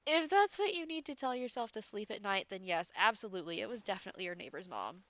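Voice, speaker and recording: A woman's voice: mid-range voice, expressive, fast talker, a bit bright, dry recording, poor audio. Giggly woman reading ghost stories aloud. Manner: breaks off into giggles and incredulous asides. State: slightly congested.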